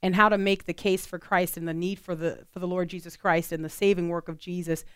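A woman's voice: fairly low pitch, steady tone, a little fast, clear, resonant tone, dry recording, clean studio sound. A woman co-hosting a radio talk show, chatting earnestly with plenty of fillers. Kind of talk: casual talk radio chat.

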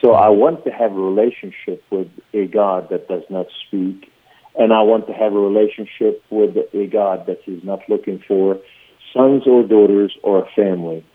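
A man's voice: lowish voice, steady tone, normal speed. A man from Lebanon with a Lebanese accent, Arabic his first language, telling his life story as a guest preacher in an earnest way, with many fillers. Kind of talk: personal testimony. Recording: phone line.

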